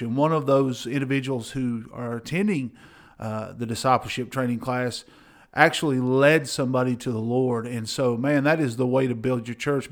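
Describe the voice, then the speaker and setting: A middle-aged pastor talks in a loose, conversational way. His delivery is earnest and enthusiastic, full of fillers and restarts. His voice sits at an ordinary middle pitch for a man. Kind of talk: casual ministry podcast chat.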